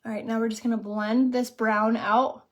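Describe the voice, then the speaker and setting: A woman's voice: on the high side, flat delivery, moderate pace. A young woman talking casually through a makeup tutorial, chatty and full of fillers. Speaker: makeup vlogger and beauty consultant. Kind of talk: casual makeup tutorial, reading viewer comments.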